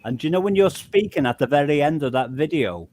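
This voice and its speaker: A man's voice: on the high side, expressive, fast, darkish tone. Chatty English man with a Scouse lean. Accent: English, Scouse-leaning. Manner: chatty, rambling, self-correcting explanations. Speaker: panelist. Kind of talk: casual chat.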